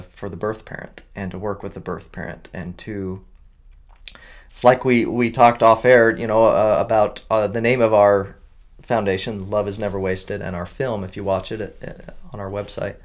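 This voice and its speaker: A man hosts a radio interview with a low voice. He asks questions in a conversational, supportive way, using plenty of fillers. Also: fairly even intonation, moderate pace. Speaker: radio show host.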